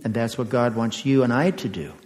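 A man's voice: mid-range voice, brisk, a little mellow. An older man giving a children's sermon as pastor, chatty, asking the kids questions and chuckling often. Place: church sanctuary. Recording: echoey church sanctuary.

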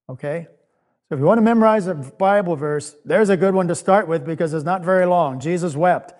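A man giving a gentle children's sermon, often asking the children questions and dropping to a soft, quiet voice. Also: on the high side. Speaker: children's minister. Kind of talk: children's object lesson sermon.

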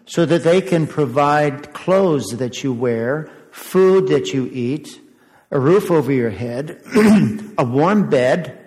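A man's voice: on the high side, lively intonation, slow, darkish tone. An older man giving a children's sermon as pastor, chatty, asking the kids questions and chuckling often. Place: church sanctuary. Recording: echoey church sanctuary.

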